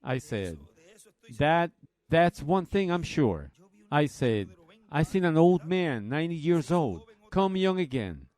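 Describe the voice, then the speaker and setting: A man preaching a Bible study, slowly retelling a story and quoting others in a plain, folksy way. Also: fairly high pitch, very animated, a little mellow.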